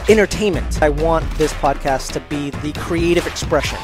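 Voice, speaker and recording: A man's voice: fairly high pitch, normal speed. A man hosting a show promo, speaking in an upbeat, enthusiastic way. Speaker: show host in a promo clip. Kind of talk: promo voice-over. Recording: voice over loud music. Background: loud background music.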